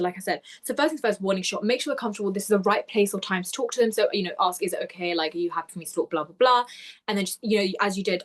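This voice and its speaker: Brief: young female interview coach, rapid-fire and enthusiastic, webinar feedback. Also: medium pitch. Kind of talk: webinar feedback on role-play.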